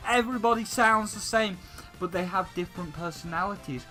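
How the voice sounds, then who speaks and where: A man's voice: high voice, moderate pace, pushed and bright, faint music behind, poor audio. A man hosting a gaming channel, delivering a heated, profanity-laced rant that hammers the same points again and again. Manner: heated, swearing, repetitive ranting. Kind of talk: profane video game rant.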